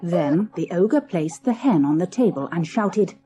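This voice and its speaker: A woman narrating a children's storybook in an expressive, lilting storytelling manner. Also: on the low side, a little slow. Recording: old cassette audiobook.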